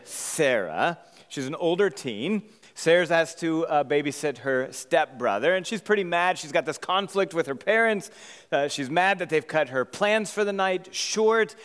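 In a church sanctuary, a pastor preaches a sermon by casually telling a story, animated and conversational, tacking a rhetorical "right?" onto his points. His voice is a little high and smooth, with a big-room sound.

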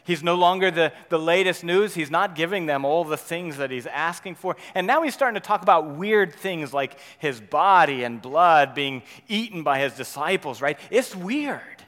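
A man preaching a sermon, swinging between loud urgent passages and quiet, intimate ones, often checking in with "right?". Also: a little high, expressive, normal speed, few pauses, big-room sound. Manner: dynamic preaching, rising loud then dropping soft, frequent "right?". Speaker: pastor.

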